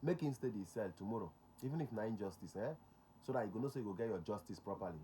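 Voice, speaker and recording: A man's voice: on the low side, animated, quick pace, mellow, slight background noise. A man with a Nigerian accent, a security consultant hosting a talk show. He speaks emphatically, repeats his key points and slips into Pidgin.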